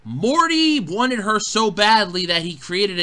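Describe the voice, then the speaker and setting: A man's voice: high-pitched, very animated, measured pace, sharp tone. A man ranting in an exasperated, sarcastic review, swearing freely as he talks. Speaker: show reviewer.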